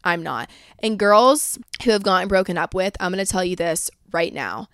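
A woman's voice: medium pitch, moderate pace, clean tone, no echo, clean studio sound. A young woman hosting a podcast from home, giving candid, casual advice in a blunt way and swearing often. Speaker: podcast host.

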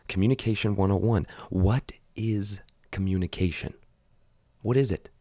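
A man hosting a podcast, explaining an idea in an energetic, conversational way and acting out short dialogues as examples. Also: deep voice, vocal fry, dry recording. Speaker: podcast host. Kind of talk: casual teaching monologue.

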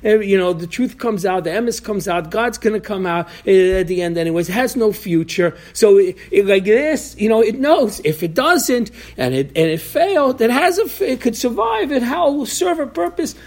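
A man's voice: high voice, animated, moderate pace, hardly any pauses. A man giving an informal Torah class, talking animatedly, acting out voices from the story, and often restarting his sentences. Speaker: Torah teacher.

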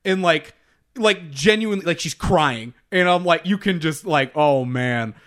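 A young man with a high voice talks casually on a podcast. He rambles, says "like" constantly and swears freely. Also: moderate pace, a bit bright. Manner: rambling, heavy use of "like", swears and laughs often. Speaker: podcast co-host. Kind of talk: casual chat.

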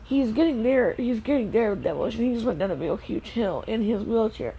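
A woman filming her children playing outside in the snow, narrating casually and calling out gentle, firm warnings to the kids. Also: on the high side, expressive, brisk, gravelly, a little hiss or hum, low-quality recording. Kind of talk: casual family vlog. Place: outdoors in the snow.

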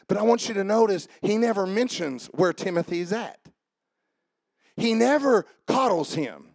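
A man preaching a sermon as pastor, shifting between shouted, rhythmic runs and a lower conversational tone, with jokes for the congregation. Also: lively intonation, moderate pace, creaky, breathy edge, dry recording. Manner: joking with the congregation.

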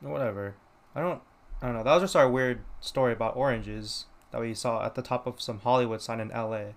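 A young man chatting casually on a podcast and telling a story in a loose, rambling way. His pitch sits in the middle, and he keeps acting out what other people said. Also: fairly quick. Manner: rambling, lots of "like", quoting others. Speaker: podcast co-host.

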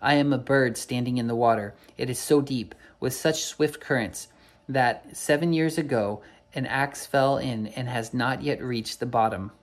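A man's voice: mid-range voice, moderate pace, natural voice. A man voicing a giant bird with a thunderous voice in a storybook reading, commanding and solemn.

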